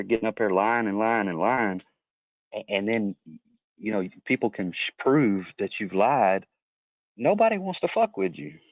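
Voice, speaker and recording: A man's voice: mid-range voice, no echo. A man in a casual chat, heated and rambling, swearing a lot as he vents. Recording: dry, dull lo-fi audio.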